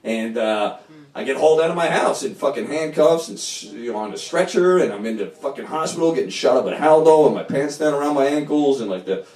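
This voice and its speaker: A middle-aged man telling a long first-person story at a live storytelling night, rambling and profane, jumping from loud, animated bursts to low mumbles. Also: a little fast, distant mic. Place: small bar venue with live audience. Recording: echoey room, voice picked up from afar.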